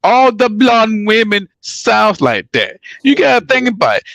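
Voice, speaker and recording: Animated, rambling male podcast co-host. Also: sits high, measured pace, gravelly, dry recording. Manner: animated, rambling, profane, restarts often. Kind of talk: casual chat about pro wrestling.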